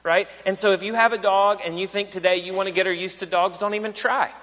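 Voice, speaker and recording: A man's voice: sits high, steady tone, fast talker, a bit bright, big-room sound. A man in his thirties, a pastor preaching a sermon in a conversational way, repeating phrases and often asking "right?".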